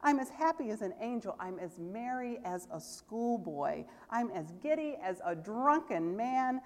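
A woman's voice: fairly high pitch, lively intonation, unhurried, long reverb tail. A woman voicing an elated, giddy old miser man who talks in breathless exclamations, read aloud in a church service.

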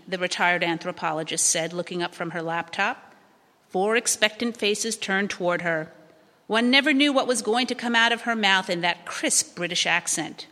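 A woman narrating a novel aloud in a calm, even storytelling voice. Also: medium pitch, moderate pace. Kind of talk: audiobook narration. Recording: long hall reverb.

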